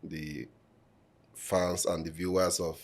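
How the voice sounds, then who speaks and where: A man, answering interview questions as a candidate in a measured, formal way with frequent fillers, in a podcast studio. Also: low-pitched, level tone, husky. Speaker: election candidate.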